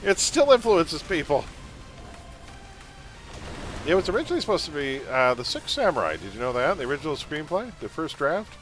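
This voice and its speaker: A man's voice: fairly high pitch, fairly quick, long pauses, soft background music, rough recording. A man streaming a game, chatting casually and laughing as he talks about old movies. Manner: chatty, laughs often, animated movie talk. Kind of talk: casual chat while gaming.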